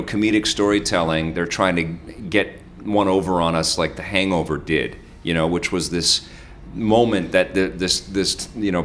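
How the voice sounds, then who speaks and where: Deep-voiced rambling podcast co-host. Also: male voice, a bit bright, a little hiss or hum. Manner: rambling, many fillers and restarts. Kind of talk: casual movie-review chat.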